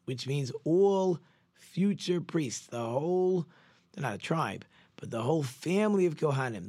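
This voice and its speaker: A man who is a rabbi, giving a Torah lesson in an animated storytelling way, with sudden jumps in pitch and frequent conversational restarts. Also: normal speed, dry recording, clean studio sound.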